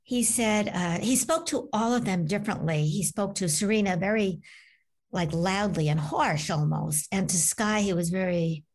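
A woman, a medium and author, telling a personal story as an interview guest, animated and acting out the voices of the people in it. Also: medium pitch, moderate pace. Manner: animated, acts out voices in her stories. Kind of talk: conversational storytelling.

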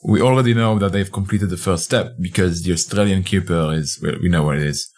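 A man's voice: deep voice, fairly quick, a little mellow. A man narrating a fiction podcast in the first person, speaking in a conversational, hesitant way with frequent restarts.

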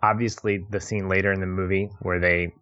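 A man in casual chat about a film, reflective and quick to laugh. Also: low-pitched, level tone, fairly bright tone. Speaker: podcast co-host discussing a film. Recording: dull lo-fi audio.

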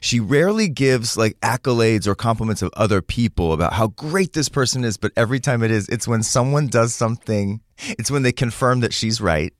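Man, co-host, casual chat, animated quoting, mid pitch, dry sound. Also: brisk, no room sound. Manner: animated, acts out quotes while recounting.

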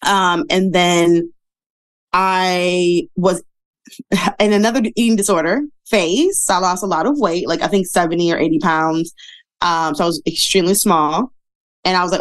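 A lower-voiced woman in her thirties speaks at a normal pace, recounting her own story as an interview guest. Her telling is casual, frank and chatty, full of self-deprecation, filler words and laughter.

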